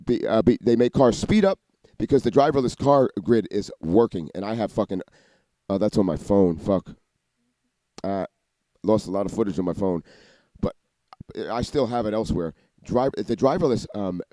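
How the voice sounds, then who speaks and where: A man in a rambling monologue, talking fast and cursing a lot, often restarting and jumping between ideas. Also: lowish voice, dark tone, no echo. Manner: rapid, profane, restarts and jumps between ideas. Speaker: vlogger.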